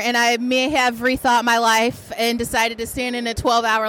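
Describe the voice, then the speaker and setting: A woman podcast host recording herself at a convention, gushing breathlessly with fangirl excitement. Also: on the high side, normal speed, few pauses. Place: convention hall.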